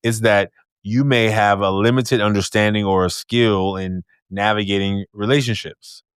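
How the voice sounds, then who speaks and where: A man's voice: fairly low pitch, steady tone, normal speed, clear, resonant tone, dry recording, clean studio sound. A man hosting a podcast in casual conversation, reflective, often closing thoughts with a questioning tag. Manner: reflective, thinks aloud with "right?" tags. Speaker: podcast host.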